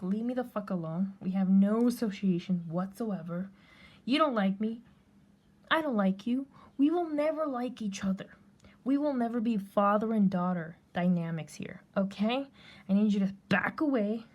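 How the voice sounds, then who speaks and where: A woman's voice: mid-range voice, a little mellow, lo-fi sound. A woman telling a personal story in a blunt, heated, profane rant, speaking straight to the camera. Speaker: vlogger.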